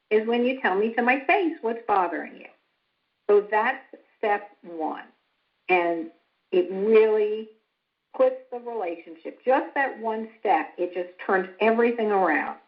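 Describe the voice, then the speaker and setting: A woman lecturing in a calm, instructive way and breaking into acted-out example lines. Her voice sits at a middle pitch. The recording is a little dull and lo-fi. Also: measured pace. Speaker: psychologist lecturing on family estrangement. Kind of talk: explanatory talk with acted-out example dialogue. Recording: slightly dull lo-fi sound.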